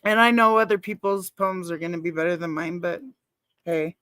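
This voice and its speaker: A woman's voice: fairly low pitch, normal speed, fairly bright tone, dry recording. A woman chatting casually on a live stream, rambling and swearing, reacting to her chat and calling herself a nervous person.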